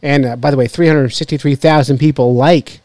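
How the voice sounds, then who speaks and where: Joking podcast host, dry close sound. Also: male voice, medium pitch, fairly even intonation, brisk, a little mellow, no room sound. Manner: joking, rambling, laughs often. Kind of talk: casual chat.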